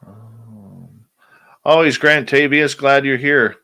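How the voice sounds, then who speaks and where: A man's voice: mid-range voice, takes it slowly, pushed and bright, clean tone. A male radio show host in casual chat, drowsily reading out and answering listener questions.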